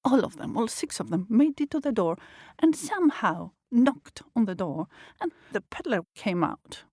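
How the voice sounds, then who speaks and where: A woman storyteller narrating a children's tale in a lively way to young listeners. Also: on the high side, moderate pace, dry recording, clean studio sound.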